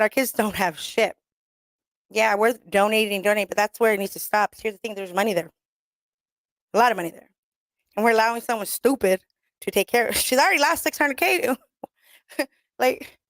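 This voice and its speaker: A woman's voice: on the high side, no echo. A woman hosting talk radio in a blunt, rambling, profane way, laughing often and mixing in Spanish slang.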